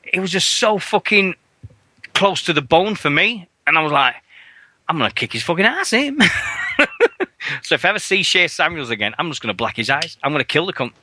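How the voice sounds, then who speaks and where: A man's voice: fairly high pitch, fast talker, no room sound. Rowdy, sweary man. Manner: rowdy, animated, acts out loud mocking voices in quotes. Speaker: radio show co-host. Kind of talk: casual sweary chat.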